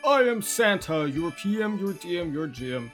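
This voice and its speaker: A man putting on a booming jolly Santa. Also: very animated, normal speed, a bit bright, soft background music. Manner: hearty, theatrical.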